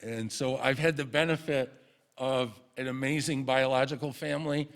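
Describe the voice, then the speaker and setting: A middle-aged man telling a personal story to an audience at a community event, earnest and halting, with restarts and soft laughs. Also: medium pitch, fairly even intonation. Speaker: speaker at a community celebration.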